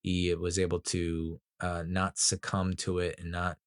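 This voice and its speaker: A man's voice: low voice, completely flat delivery, unhurried, clear, resonant tone, dry recording, studio quality. A man giving a casual, rambling movie review, emotional and swearing a lot, with frequent laughs.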